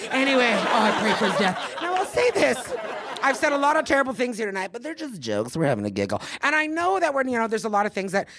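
A woman's voice: a little high, very animated, fast. A woman doing a stand-up comedy set on a club stage, brash and profane, with a punchy delivery into a handheld mic. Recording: live club recording with loud crowd and noise.

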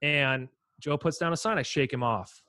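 A middle-aged man, a former pitcher, co-hosting a podcast, telling an animated anecdote in casual chat. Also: moderate pace, dry recording, clean studio sound. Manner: animated anecdote teller, quotes others.

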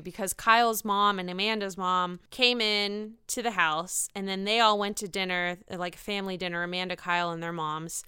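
A woman giving a casual, profane, animated solo recap of a reality show, gossiping with lots of emphasis. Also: medium pitch, clear, resonant tone, no room sound, clean studio sound.

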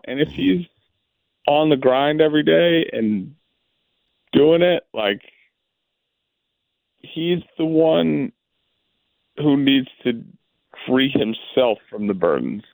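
Gravelly former ballplayer, thoughtful. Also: male voice, mid-range voice, big pitch swings, a little mellow, no room sound, low-quality recording. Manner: thoughtful, halting, restarts phrases. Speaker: guest, former baseball player. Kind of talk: casual interview.

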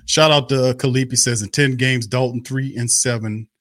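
A sports fan show host rants angrily on a fan live stream, heated, repetitive, cursing and scornful. His mid-range voice is fairly bright with fairly even intonation at a moderate pace, and there's no room sound.

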